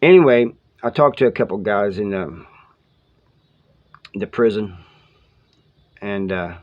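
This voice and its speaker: A man's voice: on the low side, animated, slow. A man who served time telling his prison stories in a casual, rambling way, full of slang, acting out the lines of the people he talks about. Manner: rambling, colloquial, quotes others in dialogue. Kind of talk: casual storytelling to camera. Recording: slightly dull lo-fi audio.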